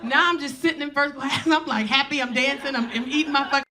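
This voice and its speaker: A woman, animated, swinging from hushed asides to loud punchlines. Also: high-pitched, fast talker, noisy background. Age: 40s. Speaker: stand-up comedian. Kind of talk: stand-up storytelling.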